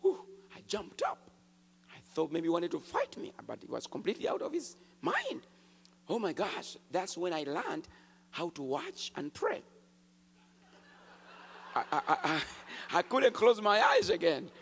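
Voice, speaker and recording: A man preaching a testimony, telling his story with animated swings from hushed to shouted. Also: sits high, a little slow, vocal fry, breathy edge. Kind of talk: sermon testimony. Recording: long hall reverb.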